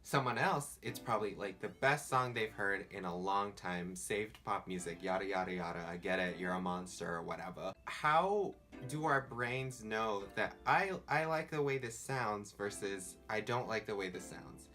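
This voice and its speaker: A young man with a Southern California accent rambles casually in a vlog, peppering his speech with "like." His fairly low voice is bright and forceful, at a moderate pace with hardly any pauses, and faint music plays in the background.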